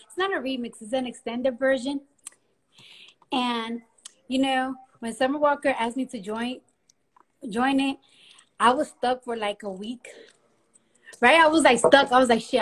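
High-pitched giddy woman rambling on a phone live. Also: moderate pace, long pauses. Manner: giddy, nervous, rambling, loud laughs and squeals. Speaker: Instagram live co-host. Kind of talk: casual live-stream chat. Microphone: phone camera.

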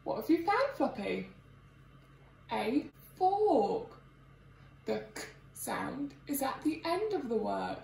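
A woman teacher giving a phonics lesson to young children, sounding out letters slowly and clearly in a sing-song way. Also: high-pitched, sing-song, a little mellow, recorded from a distance, a little hiss or hum. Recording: echoey room, away from the mic.

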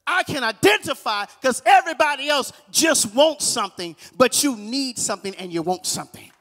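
A man preaching a guest sermon in a church, calling on the congregation to repeat after him and swinging between hushed lines and shouted, half-sung ones. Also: very high voice, animated, normal speed, big-room sound. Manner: call-and-response preaching, shouting and half-singing. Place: church sanctuary.

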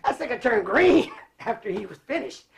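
A man from Cleveland who grew up in California, a guest telling animated stories with frequent laughter. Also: extremely high pitch, normal speed, gravelly. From Cleveland, raised in California. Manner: animated, laughs often, acts out voices. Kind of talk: casual storytelling.

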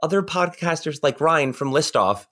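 A man's voice: on the high side, lively intonation, moderate pace, a bit bright. A man as a guest on a podcast, chatting casually and rambling with many restarts and repeated words. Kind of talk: casual interview chat.

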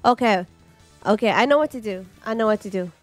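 A woman giving excited, chatty commentary while playing an arcade game, with squeals and laughs. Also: mid-range voice, a little fast, no echo, faint music behind. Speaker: gaming streamer.

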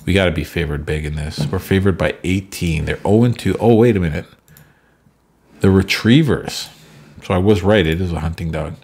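A man's voice: low voice, normal speed, darkish tone, husky. A man giving casual, chatty commentary over a sports sim game from home, drifting into rambling asides. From Canada. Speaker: gameplay commentator.

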